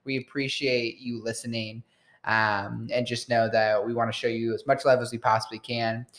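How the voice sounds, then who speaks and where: A man's voice: medium pitch, level tone, moderate pace, a bit bright. Playful, laughing man hosting a podcast. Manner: playful and jokey, laughs often and makes goofy noises. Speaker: podcast co-host. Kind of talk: casual podcast chat. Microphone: tabletop mic on a stand.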